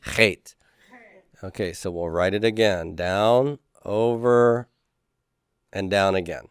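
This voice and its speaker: Low, smooth-voiced male teacher. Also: slow pace. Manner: drawing out letter sounds, joking asides. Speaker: Hebrew teacher. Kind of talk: classroom lecture.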